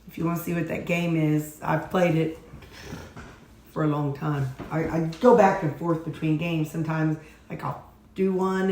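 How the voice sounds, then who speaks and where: A woman's voice: low voice, a little mellow. A woman vlogging at home in a rambling, chatty, self-deprecating way, talking casually to her camera. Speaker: weight-loss vlogger.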